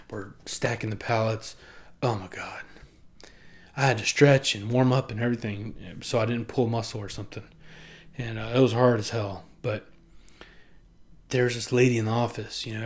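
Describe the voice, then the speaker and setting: Rambling, laughing young man. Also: lowish voice. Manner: rambling, profane and self-mocking, often laughing; acts out other people in quick put-on voices. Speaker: vlogger. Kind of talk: casual monologue to camera.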